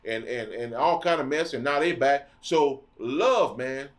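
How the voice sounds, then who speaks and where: A man's voice: medium pitch, lively intonation, measured pace. A middle-aged man hosting a podcast, preaching a monologue in a blunt, impassioned and repetitive way. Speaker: podcast host.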